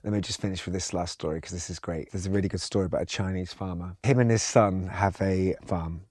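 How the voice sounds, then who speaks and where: Calm, reflective male guest with a very low voice, relaxed storyteller, dry studio sound. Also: fast talker, no room sound. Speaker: podcast guest, songwriter.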